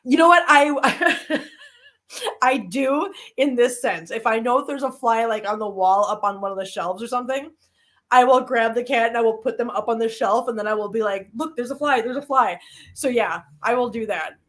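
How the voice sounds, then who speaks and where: A woman runs a live stream, talking casually with her viewers and telling stories with animation, her voice swinging from low grumbles up to high squeals. She speaks at normal speed with a fairly bright tone.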